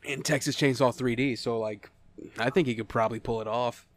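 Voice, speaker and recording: A man's voice: mid-range voice, fairly even intonation, brisk. A man co-hosting a podcast in casual chat, stammering and laughing often. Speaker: podcast co-host.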